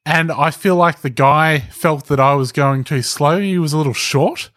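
A man's voice: on the high side, moderate pace, a bit bright, dry recording, studio quality. A man co-hosting a casual chat podcast, telling wry anecdotes. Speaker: podcast co-host.

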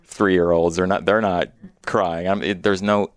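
A man with a very low voice talks calmly in a reflective conversation. He explains ideas patiently and acts out little inner voices as examples. The sound is dry and close. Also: measured pace, no room sound. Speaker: guest speaker on emotions.

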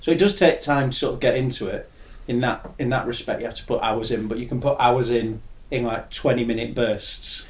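A man's voice: mid-range voice, fairly even intonation, fairly quick, hardly any pauses. A young adult man, chatting casually and enthusiastically, swearing now and then. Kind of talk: casual chat. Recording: echoey room.

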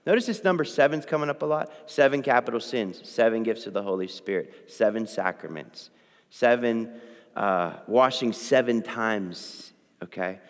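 With a medium-pitched voice and lively intonation, a preacher reads from the Bible and gives his sermon at a moderate pace. He talks to listeners conversationally and keeps asking "okay?"; the recording has a long hall reverb.

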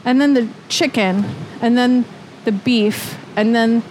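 A woman's voice: fairly high pitch, slow pace, a little mellow, a little hiss or hum. A woman co-hosting a casual food talk show, chatting and thinking aloud with frequent restarts. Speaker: co-host. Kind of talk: casual chat.

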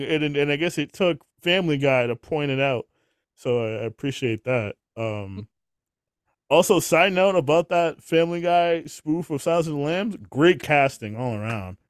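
Animated swearing man, podcast host. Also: on the high side, moderate pace, clear, resonant tone, no room sound, clean studio sound. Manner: animated, swears freely, laughs often. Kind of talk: casual chat.

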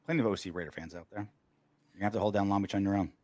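A man co-hosting a casual sports podcast, ranting in an animated, crude way. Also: lowish voice, very fast, no echo. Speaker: podcast co-host.

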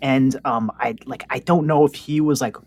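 A man's voice: medium pitch, fairly even intonation, normal speed, darkish tone. Man, podcast co-host, rambling casual storyteller, lots of fillers and self-restarts.

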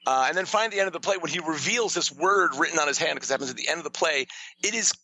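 A man, a storyteller and playwright, telling an animated backstage story in a conversational interview, acting out quotes with sudden jumps in pitch. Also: rapid-fire, low-quality recording.

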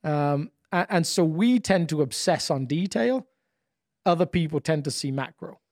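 A man's voice: on the high side, expressive, normal speed, darkish tone, no room sound, studio quality. A man co-hosting a podcast in casual conversation, thoughtful and often repeating words as he starts his sentences.

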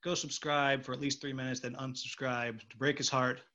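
A man's voice: medium pitch, flat delivery, fairly quick, bright, forceful tone. A man and stage actor hosting a casual interview, rambling and joking. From United States. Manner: chatty, rambling, jokey.

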